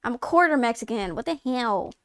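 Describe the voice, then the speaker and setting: Excitable, crisp-voiced woman streamer. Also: a little high, brisk, no echo. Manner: excitable, profane, giggly. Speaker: streamer playing a video game. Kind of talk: casual live-stream chat and reading game text aloud. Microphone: headset.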